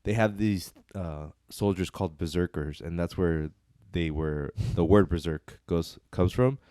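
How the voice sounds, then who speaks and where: A man's voice: sits low, a little slow, warm tone, dry recording, clean studio sound. A man co-hosting a casual movie review chat, laughing often and restarting his sentences. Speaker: podcast co-host.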